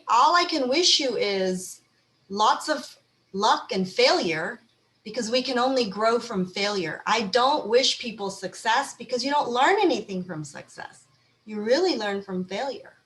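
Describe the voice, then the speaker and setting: A woman speaking on an online mental health panel, guiding listeners in a warm, conversational way. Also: mid-range voice. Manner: encouraging, conversational, animated when acting out feelings.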